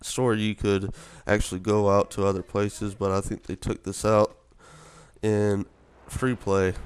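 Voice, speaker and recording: A man's voice: on the low side, clean tone. Laid-back young man rambling over gameplay. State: sleepy, just woke up. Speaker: gaming video commentator. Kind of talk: casual commentary over gameplay.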